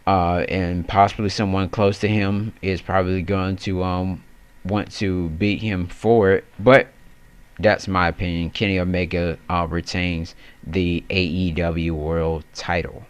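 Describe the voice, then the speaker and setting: A man's voice: deep voice, flat delivery, a little slow, smooth. A man hosting a casual wrestling predictions chat, rambling loosely and correcting himself as he goes. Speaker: wrestling channel host.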